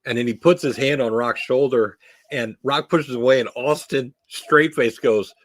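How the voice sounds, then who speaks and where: A man co-hosting a podcast, telling wrestling stories in an animated way and laughing often. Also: medium pitch, moderate pace, no echo. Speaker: podcast co-host. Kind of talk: casual wrestling chat.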